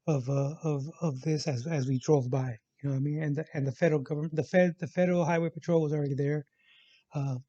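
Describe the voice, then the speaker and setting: A man's voice: on the high side, warm tone, no room sound. A man casually telling a personal travel story on his vlog, rambling with many fillers and restarts. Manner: rambling, full of fillers and restarts, repeats "actual". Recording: dull lo-fi sound, dry.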